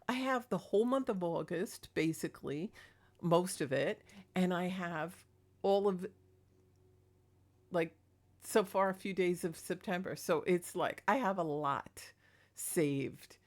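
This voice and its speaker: A woman's voice: fairly low pitch, slow. A woman talking casually in a rambling, chatty vlog about her paranormal experiences, laughing between thoughts. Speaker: paranormal vlogger.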